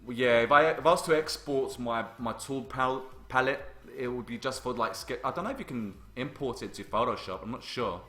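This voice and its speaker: A man hosting a casual art livestream, chatty and excitable, reading viewer messages aloud. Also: mid-range voice, fairly quick, few pauses, echoey room. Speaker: livestream host and artist.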